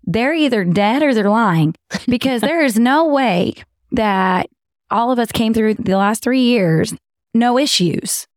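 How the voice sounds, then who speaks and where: A raspy-voiced woman from Texas with a Southern twang, co-hosting a casual faith podcast and speaking emphatically straight to listeners. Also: a little high, lively intonation, unhurried, no echo, clean studio sound. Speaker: podcast co-host.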